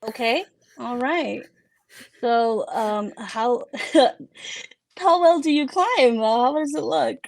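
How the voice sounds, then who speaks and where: A woman narrating a tabletop game as game master, relaxed and hesitant, with many fillers. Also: fairly high pitch, slow pace, gravelly, pauses often.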